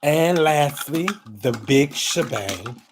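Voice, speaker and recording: A man's voice: slow, a little hiss or hum. Giggly, chatty man hosting a home giveaway. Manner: chatty and giggly, with sudden high excited squeals. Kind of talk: casual chat while drawing giveaway winners.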